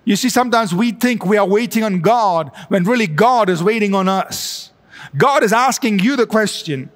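A male pastor preaching a sermon and leading a prayer, slow and drawn-out with emphatic rises, in a church sanctuary. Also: high-pitched, lively intonation, long reverb tail. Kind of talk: sermon with altar call prayer.

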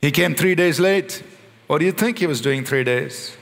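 Male pastor, high voice, animated sermon delivery, big echoing church. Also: creaky. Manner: animated preaching, slowing and rising on quoted prayers. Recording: long hall reverb.

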